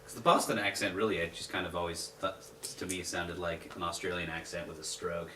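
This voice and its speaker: A man's voice: sits low, fairly even intonation, fairly quick, sharp tone. A man on a panel making dry, wry jokes in a casual chat. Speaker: panel guest. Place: bathroom. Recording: echoey bathroom from far off, faint noise.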